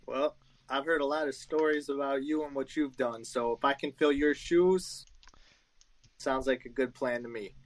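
A man playing a tabletop role-play game, calm and easygoing. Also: medium pitch, normal speed, no room sound, poor audio. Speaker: player.

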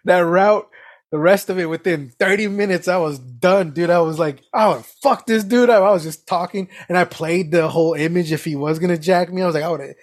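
A man on a casual podcast, telling animated stories with lots of swearing and laughter. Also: on the high side, a little fast, no room sound, clean studio sound. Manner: animated storytelling, heavy swearing, frequent laughs. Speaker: podcast co-host.

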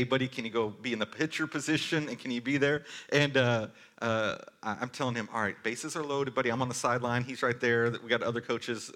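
A male pastor delivers a sermon in earnest, storytelling fashion. His voice is bright and clear at a middling pitch, and he swings from forceful emphasis to quiet, intimate moments. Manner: earnest storytelling, varies loudness from forceful to hushed.

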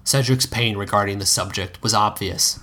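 A man reading a piece of fan fiction aloud in a steady storytelling manner, now and then correcting himself. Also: fairly low pitch, moderate pace. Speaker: narrator.

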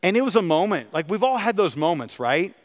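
A man's voice: sits high, sing-song, brisk. A middle-aged man, a pastor, preaching a sermon and asking his congregation questions. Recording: long hall reverb.

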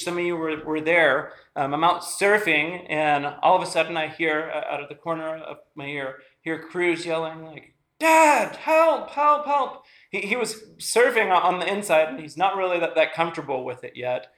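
A high, bright-voiced man in his thirties delivers a sermon as a pastor. He talks in an earnest, conversational way, often restarting his sentences and repeating key lines to drive them home. The tone stays clear and ringing throughout. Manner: earnest, conversational preaching with frequent restarts and repetition for emphasis.

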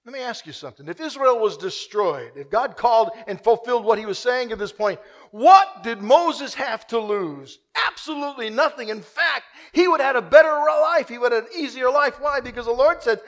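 A man preaching a sermon, swinging from loud, urgent repeated questions to a hushed, quiet prayer. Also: very high-pitched, expressive, normal speed.

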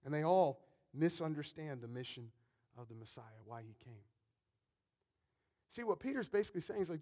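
A man preaching a conversational, animated sermon as a pastor, often repeating words as he builds a point. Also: fairly high pitch, moderate pace, long pauses.

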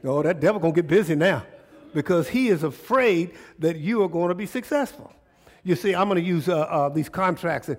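A man preaching a sermon as pastor in front of his church congregation, folksy and conversational, often asking the listeners rhetorical questions. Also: on the high side.

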